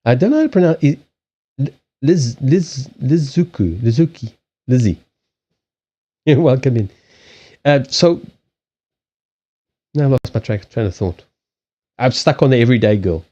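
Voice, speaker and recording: A man's voice: mid-range voice, big pitch swings, moderate pace, pauses often, dark tone, lo-fi sound. A man hosting a live stream, chatting casually about habits and anxiety, rambling with frequent restarts, swearing and laughing. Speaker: livestream host and card reader.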